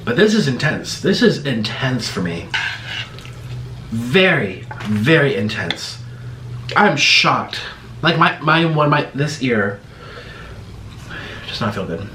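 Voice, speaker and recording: A man chats casually to camera during an eating vlog, his talk halting and strained because his mouth is numb and stinging from spicy food. His voice is bright and tense, and his pitch swings widely. He is recorded in an echoey room with faint background noise. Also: sing-song. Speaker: mukbang host.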